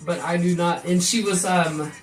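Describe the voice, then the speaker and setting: A woman streaming live with a low-pitched voice, chatting loosely and swearing as she tells stories. Faint music plays quietly behind her. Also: fairly even intonation, moderate pace. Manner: swearing, laughing, chatty storytelling. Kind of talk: casual chat on a live stream.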